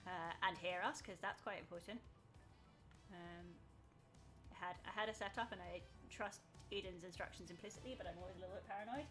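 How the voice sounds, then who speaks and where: A woman's voice: on the low side, brisk, fairly bright tone, soft background music. A woman streaming a video game, chatting casually, laughing at herself and reading the game's text aloud. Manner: chatty and self-mocking, often laughing.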